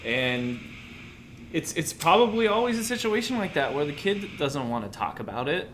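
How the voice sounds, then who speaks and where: A man's voice: a little high, sing-song, moderate pace, fairly bright tone, slight background noise. A man co-hosting a movie review podcast in casual chat, earnest and running on in long sentences. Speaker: podcast co-host.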